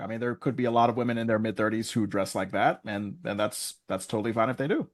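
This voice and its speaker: A man's voice: mid-range voice, quick pace. A man co-hosting a podcast in casual chat, talking in a chatty, hedging way and now and then acting out voices. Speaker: podcast co-host.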